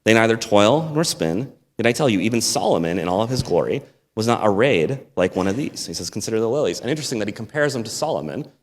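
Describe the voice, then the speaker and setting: An American man giving a sermon as a guest preacher, talking it through in a relaxed, conversational way with asides and small laughs. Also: lowish voice, racing. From United States. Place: church sanctuary. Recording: long hall reverb.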